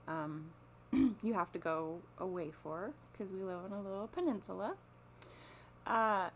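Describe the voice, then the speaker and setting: Rambling, foul-mouthed woman with a lowish voice. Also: a little hiss or hum. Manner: rambling, profane, full of restarts. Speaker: storyteller. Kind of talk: casual monologue. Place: lives on a small coastal peninsula.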